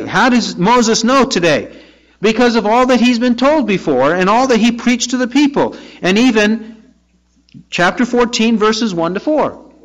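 A man preaching a sermon verse by verse, reading scripture aloud and then pressing his listeners with rhetorical questions. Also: high-pitched. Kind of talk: expository sermon. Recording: dull lo-fi recording.

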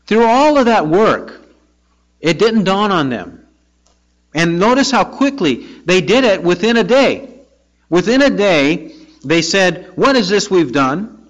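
Guy preaching through scripture, pretty high voice, reads a verse then fires off questions, muffled lo-fi sound. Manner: reads scripture aloud, then asks pointed rhetorical questions. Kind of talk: expository sermon. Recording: dull lo-fi recording.

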